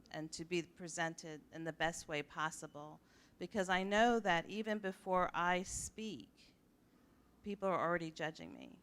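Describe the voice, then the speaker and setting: A woman's voice: low voice, a bit bright, clean tone. An older woman with a Midwestern accent, sharing her personal story on a live panel in a reflective, earnest way. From United States. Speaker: panel speaker. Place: office event space.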